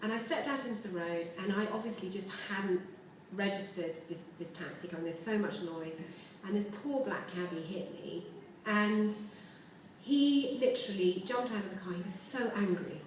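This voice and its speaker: A woman's voice: mid-range voice, moderate pace, a little hiss or hum. A woman giving an earnest, reflective personal speech as an award speaker. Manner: earnest, reflective, with warm laughter. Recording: echoey hall from far off.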